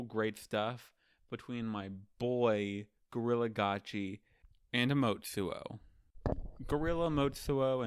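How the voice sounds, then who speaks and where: A man recaps manga chapters in a loose, offhand way, slipping into quick mock voices of the characters with a sarcastic edge. His voice sits on the low side and comes across smooth and clear. The recording is dry, with no room sound. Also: no room sound. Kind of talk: casual recap commentary.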